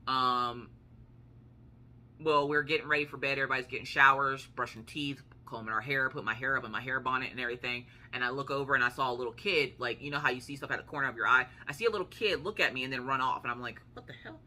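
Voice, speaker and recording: Chatty woman with a bright voice. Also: rumbling low, fast talker. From United States. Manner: chatty, swears casually, acts out quotes. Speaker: vlogger. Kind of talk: casual storytelling.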